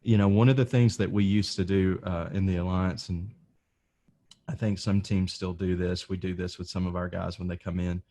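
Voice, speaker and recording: A male podcast host with a very low voice leads a casual interview. He talks in a relaxed, friendly way and calls his guest dude. He ends his points with a thoughtful question. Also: moderate pace.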